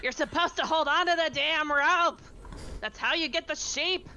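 A woman's voice: sits high, moderate pace, sharp tone, slight background noise. A woman playing a bossy female ranch hand in a tabletop game, barking orders and swearing. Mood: exasperated.

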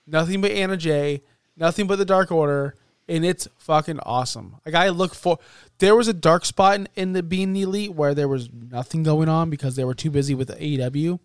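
An excitable man chatting on a podcast, his voice smooth and resonant and a little higher than most. He rambles through fillers on a close, dry mic. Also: fairly quick, no room sound. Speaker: podcast co-host. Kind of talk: casual wrestling talk.

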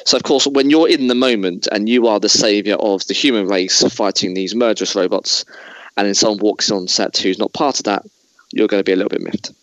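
A man's voice: fairly low pitch, a little fast, dry recording, rough recording. A man hosting a casual chat, talking in a digressive way with many restarts. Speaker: podcast host.

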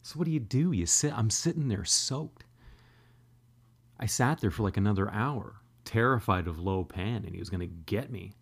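Deep, gravelly man telling a profane story. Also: moderate pace. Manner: profane, self-deprecating, animated. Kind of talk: comedic storytelling.

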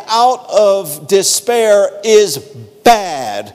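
A man's voice: high-pitched, normal speed, darkish tone, faint music behind. A middle-aged male pastor preaching a conversational sermon, drawing responses from the congregation. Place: church sanctuary. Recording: long hall reverb.

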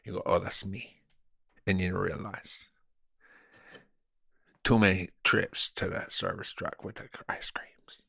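A man's voice: low-pitched, flat delivery, vocal fry, fairly bright tone, husky, dry recording, studio quality, pitched below the performer's own voice, full character voice. A man in his forties voicing a boastful Hollywood insider, with an exaggerated fake movie-gangster Cuban accent and swaggering brags. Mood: bragging. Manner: swaggering, bragging, drawn-out "man" tags.

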